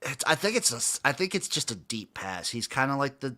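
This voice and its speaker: A man co-hosting a casual sports betting podcast who is excitable and swears freely. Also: mid-range voice, fairly quick. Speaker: co-host.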